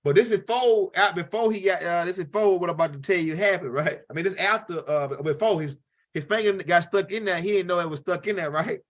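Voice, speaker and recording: A high-pitched man from tells a loose, rambling stand-up story. He circles back, repeats lines and keeps asking "right?" as he talks. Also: fairly quick. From Louisiana. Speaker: comedian.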